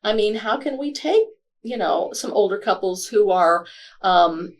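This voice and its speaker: A woman author as a podcast interview guest, speaking reflectively and halting with frequent fillers. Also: mid-range voice, animated.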